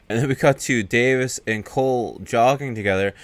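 Low-voiced man rambling through a film recap. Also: fairly quick, hardly any pauses. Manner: rambling, profane, acts out the characters' lines. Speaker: podcast host reviewing a film.

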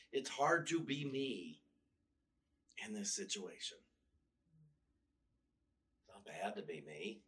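A man's voice: on the low side, sharp tone, far from the mic. A male minister giving a casual, storytelling sermon with wry humor, often restarting his sentences. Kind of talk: conversational sermon. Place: church.

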